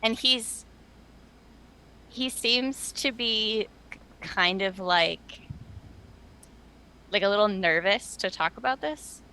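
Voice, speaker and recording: A woman's voice: medium pitch, slow, long pauses, sharp tone, clear, resonant tone. A woman player casually narrating her character's actions at a tabletop game. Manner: chatty, filler-heavy.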